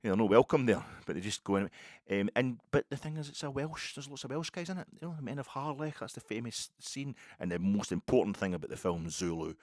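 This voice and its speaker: A middle-aged Scottish man hosting a football podcast, rambling and animated in a casual solo monologue. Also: mid-range voice, fast talker, no room sound, studio quality. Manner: rambling, animated, self-interrupting.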